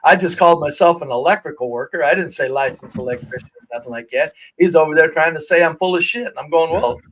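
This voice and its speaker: A man's voice: fairly high pitch, lively intonation, quick pace, fairly bright tone, a little hiss or hum, low-quality recording. A man chatting on a livestream as a regular guest, rambling with many restarts and a lot of swearing. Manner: rambling, profane, lots of restarts. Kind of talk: casual livestream chat.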